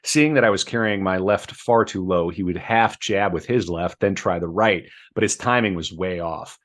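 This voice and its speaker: A man reading book passages aloud on a podcast, measured, with chatty asides between. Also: low voice, fairly bright tone.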